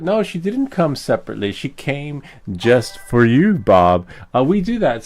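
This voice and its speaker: Speaking in a creaky voice of medium pitch, a male streamer who's into 3D printing chats casually with his audience. The talk is rambling and teasing, full of fillers and little chuckles.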